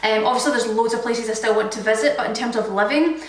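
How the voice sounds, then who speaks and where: A woman's voice: a little high, fast, recorded from a distance. A young Scottish woman in her twenties, a fitness vlogger chatting casually through a Q&A with lots of filler words. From Scotland. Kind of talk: casual Q&A chat. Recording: echoey room, voice from the mic.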